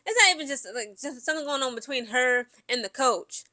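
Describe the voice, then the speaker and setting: High bright-voiced woman sports vlogger. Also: expressive, brisk. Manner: chatty, keeps asking "okay?" and addresses viewers directly; opinionated and emphatic. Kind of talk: casual sports gossip commentary.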